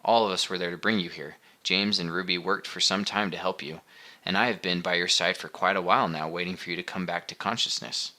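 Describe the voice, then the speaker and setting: A man reading the part of a gentle, tearful mother who speaks softly and patiently in an audiobook. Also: low voice, steady tone, brisk. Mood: tender. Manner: soft, soothing, quiet.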